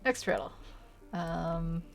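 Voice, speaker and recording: With a lowish, creaky voice, an art channel host talks slowly as she draws, faint music behind her. Her casual commentary is giggly and meandering, and she's tired after a long, sleepless day.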